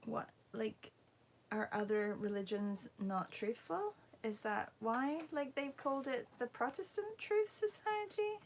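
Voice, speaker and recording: A woman's voice: fairly high pitch, animated, measured pace, slight background noise. A woman hosting a casual livestream art class, chatting with viewers and greeting them by name, sometimes dropping into a whisper.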